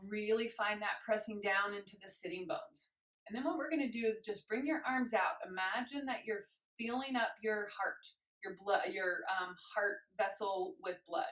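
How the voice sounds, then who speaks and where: Woman guiding movement in an echoey room. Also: mid-range voice. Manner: gentle step-by-step cueing with rhythmic chanted counts; talks while moving along with the exercise. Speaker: movement instructor. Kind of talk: guided movement class.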